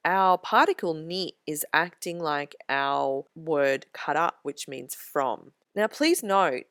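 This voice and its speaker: A woman tutor explaining Japanese grammar slide by slide, in a clear, measured way, slowing down for example sentences. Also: sits low, no room sound, clean studio sound. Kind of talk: slide-based grammar lesson.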